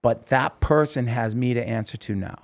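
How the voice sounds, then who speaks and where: A man's voice: mid-range voice, normal speed. A man, a singer-songwriter, telling his own story in a podcast interview, earnest and rambling with many restarts.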